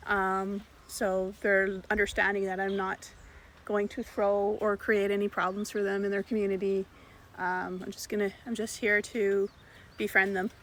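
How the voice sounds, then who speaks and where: A woman's voice: medium pitch, monotone, normal speed, fairly bright tone, a little hiss or hum. A woman vlogging casually outdoors, chatting and giggling as she feeds monkeys. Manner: chatty, giggly, talks baby-talk to monkeys. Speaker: travel vlogger. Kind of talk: casual vlog narration.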